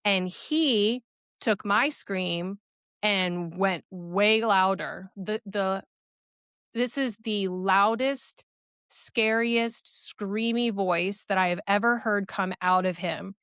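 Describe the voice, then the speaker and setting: A young woman recounting a personal story as a podcast guest, earnest and quick, with many fillers. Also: mid-range voice, fairly bright tone, smooth, no room sound, studio quality.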